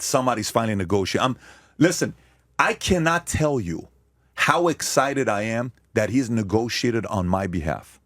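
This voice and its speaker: A man from America debating on a podcast, forceful and emphatic, firing off rhetorical questions. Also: fairly low pitch, no room sound. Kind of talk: heated debate.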